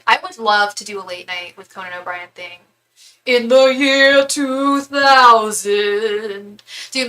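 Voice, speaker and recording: Chatty young woman, bright voice. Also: mid-range voice, rough recording. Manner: chatty, rambling, lots of "like". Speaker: tarot reader and live-stream host. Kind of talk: casual live-stream chat. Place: home.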